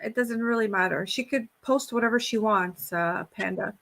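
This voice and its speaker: A woman on a live stream, calmly backing up her co-host in casual chat. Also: mid-range voice, normal speed, vocal fry. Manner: calm, reassuring, supportive.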